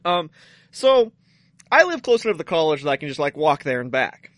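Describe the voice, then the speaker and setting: A man's voice: fairly high pitch, big pitch swings, brisk, a bit bright, no echo. A man co-hosting a podcast, teasing and joking crudely in casual banter. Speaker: podcast co-host.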